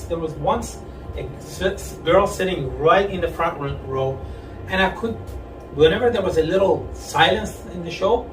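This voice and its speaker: A man doing a stand-up comedy set on a club stage, telling jokes in a deadpan way and pitching his voice up when he quotes people. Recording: echoey club audio from far off, with crowd. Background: audience laughter and room noise.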